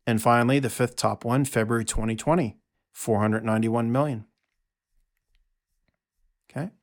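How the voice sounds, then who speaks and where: A man hosting a solo audio monologue from his notes, talking in an emphatic, sarcastic way with quick asides. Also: mid-range voice, steady tone. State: out of breath. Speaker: podcast host.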